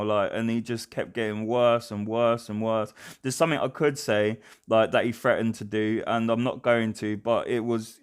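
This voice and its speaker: Rambling young man, smooth voice. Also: medium pitch, steady tone, moderate pace, few pauses. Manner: rambling, hesitant, many fillers and restarts. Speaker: reaction video host. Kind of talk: casual reaction commentary.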